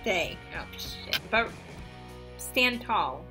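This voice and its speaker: A woman hosting her own oracle card vlog, talking casually to the camera with gentle encouragement and stumbling over her words in bloopers. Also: medium pitch, expressive, very slow, loud music behind the voice. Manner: gentle, encouraging sign-offs. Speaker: oracle card reader and channel host.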